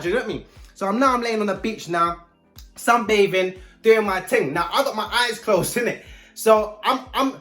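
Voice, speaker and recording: Animated man telling a story. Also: high-pitched, normal speed, soft background music. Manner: animated, slang-heavy. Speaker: vlogger. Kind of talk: casual storytelling to camera.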